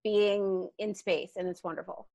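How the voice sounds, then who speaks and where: A woman in a casual chat, excitable and gushing as she talks. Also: medium pitch, a little slow, gravelly.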